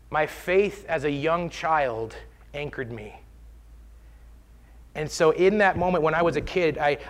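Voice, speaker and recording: A man with a slightly high voice tells his personal faith story in a sermon. He speaks earnestly and from the heart, and his delivery is steady and sincere. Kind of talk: sermon testimony.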